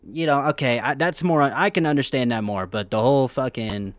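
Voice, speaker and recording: A laid-back man from California rambles through his reaction. His voice sits at a middle pitch and comes across dry and close to the mic. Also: animated, moderate pace, a bit bright, dry recording. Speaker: reaction streamer. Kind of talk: casual reaction commentary.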